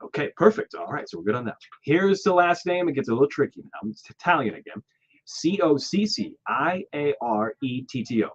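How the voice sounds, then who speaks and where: A man's voice: mid-range voice, very animated, a little fast, slightly rough. A man hosting a casual radio segment, upbeat, spelling words out letter by letter. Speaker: radio show host. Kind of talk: casual on-air chat. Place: radio studio. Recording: slightly muffled studio audio.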